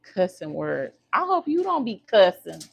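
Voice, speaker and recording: A woman's voice: medium pitch, sing-song, unhurried, creaky, husky. A woman hosting a casual livestream, chatting and teasing her viewers while she works on her hair. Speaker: livestream host.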